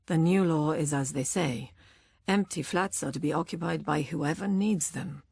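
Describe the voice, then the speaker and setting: A woman's voice: deep voice, moderate pace, gravelly, darkish tone, slightly rough, dry recording, full character voice. Tired policeman, dry bureaucratic delivery; woman narrator puts him on. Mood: apologetic. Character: weary male police officer, apologetic.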